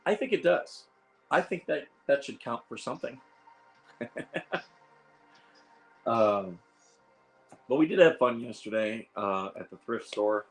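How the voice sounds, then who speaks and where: A man with a Midwestern accent and a hoarse, worn voice, chatting casually on a home livestream in a rambling way. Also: mid-range voice, expressive, takes it slowly, long pauses, soft background music, low-quality recording. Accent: Midwestern American. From Ohio. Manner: rambling, chuckling, restarts phrases. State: hoarse, losing voice. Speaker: livestream host.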